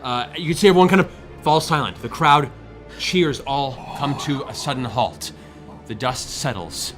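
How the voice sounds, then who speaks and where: A man narrates a tabletop game as its game master, voice at a middle pitch. He tells the action with dramatic storytelling and sinks into a hushed tone to build tension. Faint music plays under the table mic. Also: moderate pace.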